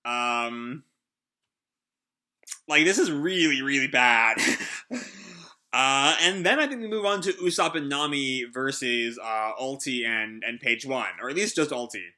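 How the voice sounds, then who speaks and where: A man's voice: medium pitch, a little slow, pushed and bright. A man who hosts a casual comic reaction, talking in a rambling, hesitant way with many fillers. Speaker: host.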